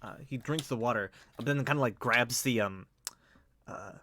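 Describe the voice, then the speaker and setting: A man's voice: mid-range voice, normal speed, pushed and bright, slight background noise. A man narrating as game master in a tabletop game, rambling with many fillers. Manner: rambling, full of fillers and hedges.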